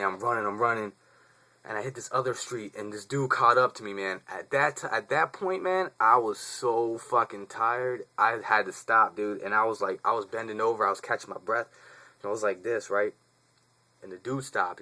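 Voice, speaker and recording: A man's voice: on the low side, fairly quick, sharp tone. A man in his twenties casually telling a story to the camera, rambling, profane and slangy. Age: 20s. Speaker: vlogger.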